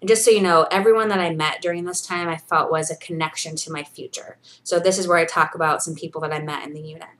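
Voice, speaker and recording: A woman's voice: deep voice, fairly even intonation, quick pace, few pauses, a bit bright. A woman in her thirties recording a personal video diary, earnest and encouraging, reading from her journal and talking straight to viewers. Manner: earnest and encouraging, with many fillers. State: briefly emotional, near tears. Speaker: vlogger.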